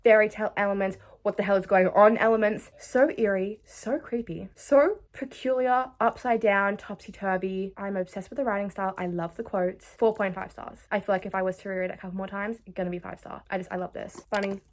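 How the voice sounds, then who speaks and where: A woman's voice: mid-range voice, fairly even intonation, fairly quick, hardly any pauses. A young woman in a casual vlog, chatting and gushing as she reviews books, trailing off mid-sentence as she searches for words. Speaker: book vlogger.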